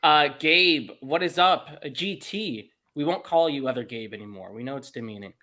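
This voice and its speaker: A man's voice: medium pitch, expressive, moderate pace, bright, forceful tone. Upbeat, jokey male podcast co-host. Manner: upbeat, jokey, laughs often. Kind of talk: casual chat.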